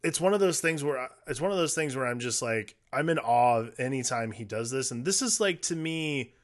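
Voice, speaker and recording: A man's voice: mid-range voice, brisk. Easygoing man rambling about a film. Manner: relaxed, rambling, lots of fillers. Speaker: podcast co-host. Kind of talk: casual movie discussion.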